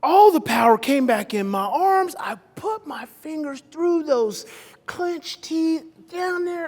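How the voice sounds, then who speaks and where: A man speaking at a live seminar, telling a story dramatically, with his voice swinging from loud outbursts to hushed whispers. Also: extremely high pitch, animated, takes it slowly. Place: seminar hall. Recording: long reverb of a large hall.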